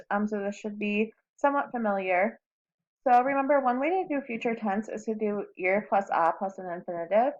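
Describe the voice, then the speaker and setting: A woman teacher slowly walking students through recorded lesson notes, with frequent ums. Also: mid-range voice. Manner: slow and deliberate, with frequent ums. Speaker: Spanish teacher. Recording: slightly dull lo-fi audio.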